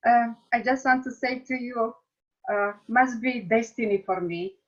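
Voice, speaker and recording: A Romanian woman who took part in a class gives an emotional testimonial over a video call, halting as she searches for words in English. Her voice is on the high side. Her audio sounds a little dull and muffled.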